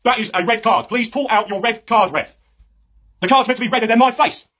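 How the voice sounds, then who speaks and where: A man playing a pushy British football dad who yells from the touchline, with a husky, blustering voice, in a comedy sketch. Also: extremely high pitch, brisk, exaggerated voice. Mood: shouting. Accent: British English. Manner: shouty, blustering, laddish.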